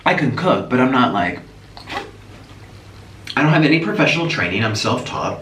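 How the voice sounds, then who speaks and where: A man vlogging as he eats, chatty and animated, breaking off with sudden gasps and exclamations. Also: mid-range voice, normal speed, pauses often. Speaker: mukbang vlogger. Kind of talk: casual chat while eating. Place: echoey room at home. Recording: echoey room, voice from a distance, faint noise.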